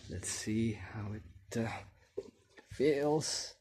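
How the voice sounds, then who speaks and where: A man talking casually while unboxing and trying on a product, unhurried and halting, with pauses and fillers. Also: lowish voice, a little mellow, a little hiss or hum. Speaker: vlogger unboxing shoes.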